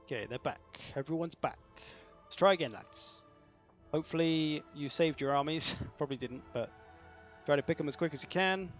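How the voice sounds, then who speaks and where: A man from the south of England, his voice a little high and at normal speed, hosts a game tournament on a livestream. He chats and jokes casually, often at his own expense. The lo-fi mic sounds slightly dull, with faint music behind him.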